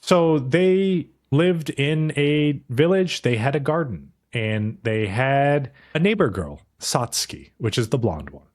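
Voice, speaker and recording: A man's voice: medium pitch, expressive, slow pace, few pauses, a little mellow. Guy rambling through anime plots on a podcast, swearing, doing little character voices. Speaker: podcast co-host. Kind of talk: casual anime review chat.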